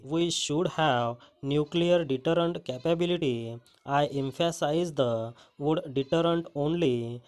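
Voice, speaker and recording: Man, slightly high voice, reading shorthand dictation slowly in measured phrases. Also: clean tone. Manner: slow, evenly phrased reading with pauses between phrases. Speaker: dictation reader. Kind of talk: slow shorthand dictation of a parliamentary speech.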